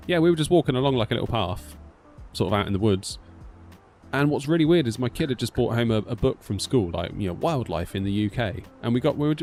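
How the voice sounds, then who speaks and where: British bloke in his 30s, lowish voice, chatty stream rambling, lots of "like". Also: darkish tone. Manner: rambling storyteller, lots of "like" and "sort of". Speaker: flight sim streamer. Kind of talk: casual live-stream chat.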